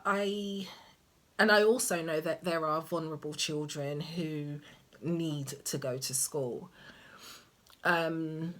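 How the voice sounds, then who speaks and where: A woman's voice: lowish voice, a bit bright. A young woman vlogging casually about parenting, rambling and hesitant with many ums and restarts. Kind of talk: casual chat to camera.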